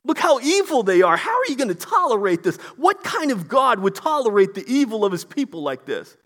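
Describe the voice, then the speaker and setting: Protesting prophet, voiced by a male preacher; high, indignant. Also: big pitch swings, fairly quick, a bit bright, heavily acted. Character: indignant prophet arguing with God.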